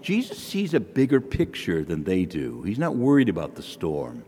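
A man's voice: sits low, wildly swooping pitch, normal speed, dark tone, long reverb tail, slight background noise. A male priest giving a sermon in a folksy storytelling manner, with homely asides.

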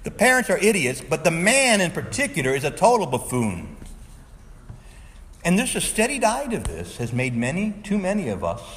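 A man's voice: fairly high pitch, wildly swooping pitch, normal speed, a bit bright, big-room sound, a little hiss or hum. A male Catholic priest preaching a sermon, earnest and exhorting, sometimes pleading with his listeners.

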